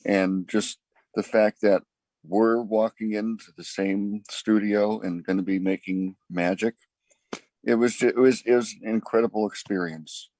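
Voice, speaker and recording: A band member in an easygoing interview, telling a story in a relaxed, halting way. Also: male voice, on the low side, dry recording, poor audio. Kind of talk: casual interview chat.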